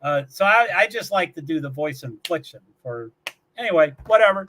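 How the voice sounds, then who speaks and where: A man's voice: a little high, lively intonation, fairly quick, a bit bright, slight background noise. A man from Kentucky hosting a casual livestream from his small apartment, reading chat messages aloud, rambling, repeating words and chuckling often. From Louisville, Kentucky. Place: small one-bedroom apartment.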